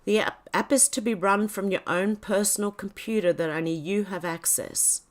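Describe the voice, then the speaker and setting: On a livestream, an Australian host reads posts and gives casual commentary, occasionally stumbling and correcting herself, muttering on the side, and coughing or clearing her throat. Her pitch is medium and her pace moderate.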